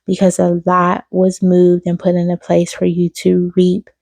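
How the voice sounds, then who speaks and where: A woman's voice: fairly low pitch, monotone, a little slow, gravelly, a little mellow, no echo. A woman giving an intuitive spiritual reading to her viewers, affectionate and repetitive, calling the listener baby. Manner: affectionate, addresses listener as baby, repeats phrases. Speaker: spiritual reader on her own channel.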